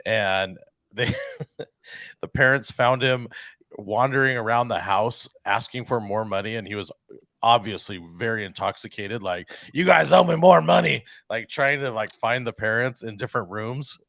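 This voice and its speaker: A man's voice: fairly low pitch, normal speed, pushed and bright, no echo, clean studio sound. A man co-hosting a podcast in casual chat, laid-back and joking, swearing now and then. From California. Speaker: podcast co-host.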